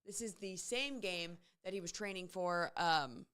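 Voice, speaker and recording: A woman's voice: on the low side, a little slow, a bit bright, clear, resonant tone. A woman co-hosting a morning radio show, chatting casually and teasing her co-host. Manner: chatty, teasing, interjects often.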